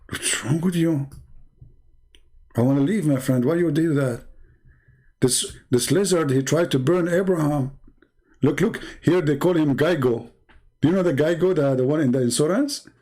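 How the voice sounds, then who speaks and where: A man's voice: on the high side, normal speed, pauses often, a little mellow. A man hosting a live stream, rambling in a mocking, sarcastic way in broken English, saying he is losing his voice. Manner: sarcastic, rambling, heavy non-native English.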